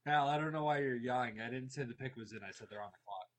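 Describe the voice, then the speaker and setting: A man's voice: mid-range voice, fast. A man co-hosting a casual sports podcast who announces the mock draft picks.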